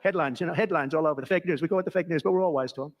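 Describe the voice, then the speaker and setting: A man's voice: on the high side, rapid-fire. A man giving a boastful, rambling anecdotal speech, repeating himself as he digresses. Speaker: speaker telling a story at an event.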